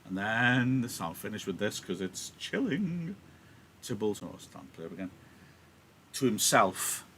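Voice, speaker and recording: Male teacher, chatty and joking, bright voice, laptop mic, faint background hiss. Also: lowish voice, sing-song, a little slow. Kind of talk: live reading and explaining a play.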